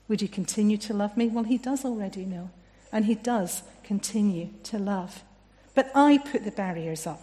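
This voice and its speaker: Gentle woman preaching in an echoing hall. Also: medium pitch. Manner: gentle, reflective, with soft drops in volume. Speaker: family and children's worker preaching. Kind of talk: sermon. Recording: long echo of a hall.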